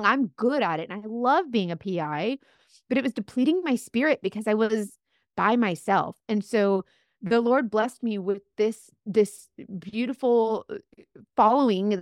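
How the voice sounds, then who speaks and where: A young woman, a guest on a podcast interview, telling a personal story in an earnest, animated way with many fillers and restarts. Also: medium pitch, no echo, studio quality. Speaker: guest, top makeup seller.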